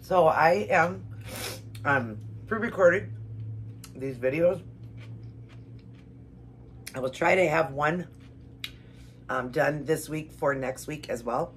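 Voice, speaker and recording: A woman's voice: sits low, takes it slowly, pauses often, slight background noise. A woman vlogger praying and reading scripture, earnest and emotional, repeating herself as she talks to viewers at home. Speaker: keto vlogger. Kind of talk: emotional devotional vlog with prayer and eating.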